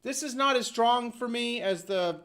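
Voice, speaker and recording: A man's voice: very high voice, unhurried, a bit bright. A man hosting his own video, talking casually in a rambling, conversational way full of asides. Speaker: video host. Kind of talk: casual commentary to camera.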